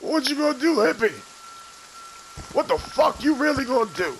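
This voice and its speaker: A man's voice: very high-pitched, lively intonation, normal speed, slight background noise. A man playing a horror game as the killer and taunting the other players in crude slang. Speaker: gamer streaming his play. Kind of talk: trash-talking game commentary. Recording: game audio with loud music behind.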